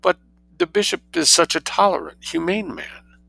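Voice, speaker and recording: Dude doing a flustered stuffy old-school gent, voice jumps way up, bright and sharp, dry. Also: male voice, high-pitched, moderate pace, creaky, soft background music, pitched above the performer's own voice, exaggerated voice, low-quality recording. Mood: shocked, indignant. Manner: spluttering, indignant. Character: flustered, stuffy middle-aged man, easily shocked.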